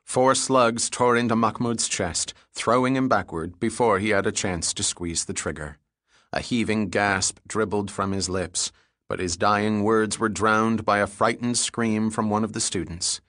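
Low-voiced male audiobook narrator. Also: no echo, clean studio sound. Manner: steady, measured reading.

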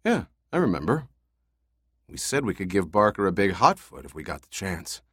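A man's voice: low voice, very animated, normal speed, a bit bright, husky, no echo, studio quality, heavily acted. A man doing an offhand crewman. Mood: casual. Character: casual male crewman.

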